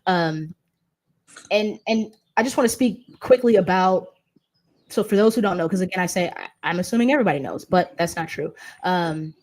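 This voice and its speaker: A woman's voice: on the low side, expressive, normal speed, darkish tone. A woman in her thirties from the United States, hosting a casual panel conversation and talking freely with many fillers and restarts. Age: 30s. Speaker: host and patient advocate.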